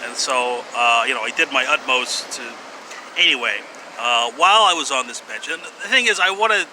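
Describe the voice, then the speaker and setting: A man's voice: medium pitch, normal speed. A man talking casually to camera in a rambling, hesitant way, full of fillers, sighs and wry little laughs. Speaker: vlogger. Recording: outdoor street noise behind.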